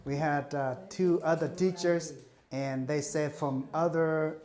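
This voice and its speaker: A man whose first language is Vietnamese, hosting an English lesson, chatty and quick to laugh. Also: a little high, steady tone, darkish tone. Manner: chatty, laughs often, repeats words to practice. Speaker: host and interpreter. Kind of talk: casual lesson, explaining in Vietnamese.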